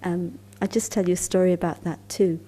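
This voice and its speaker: A woman giving a spiritual talk at a conference, telling stories calmly and unhurriedly, sometimes dropping into soft, near-whispered asides. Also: lowish voice, brisk. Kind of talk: storytelling lecture at a conference.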